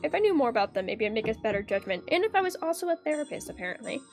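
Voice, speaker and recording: Young woman streamer, high voice, chatty, rambly, full of fillers. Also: very animated, rapid-fire, darkish tone, soft background music. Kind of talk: casual game commentary.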